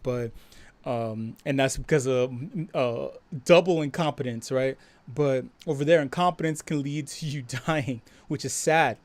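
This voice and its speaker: A man hosting a live stream, talking casually with lots of swearing and laughter, and acting out quoted voices louder and higher. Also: measured pace, dry recording. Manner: profane, laughing, animated storytelling. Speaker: host.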